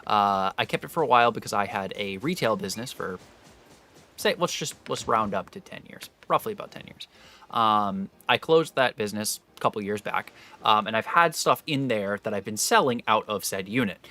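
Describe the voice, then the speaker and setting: Bright-voiced young man, rambling story. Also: fairly low pitch, normal speed. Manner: animated, rambling, swears freely. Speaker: live game streamer. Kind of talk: casual storytelling to live chat.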